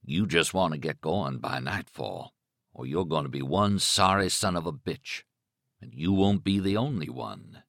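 A man voicing a menacing adult male villain who speaks in a low, threatening growl. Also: animated, unhurried, vocal fry, fairly bright tone, dry recording, studio quality, heavily acted.

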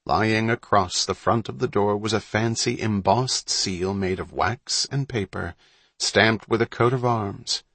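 A man narrating a story in a measured, suspenseful reading. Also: fairly low pitch, fairly bright tone, husky, no echo. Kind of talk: audiobook narration.

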